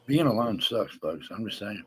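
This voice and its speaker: A man's voice: on the low side, lively intonation, moderate pace, breathy edge. A man wisecracking in a drawl during a casual, crude chat show.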